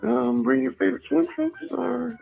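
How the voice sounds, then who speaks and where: A man voicing a creepy caller in a halting, hesitant way, full of filler words, as if leaving a voicemail. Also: very high-pitched, gravelly, faint music behind, pitched above the performer's own voice, full character voice. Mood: sleazy. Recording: tinny phone line.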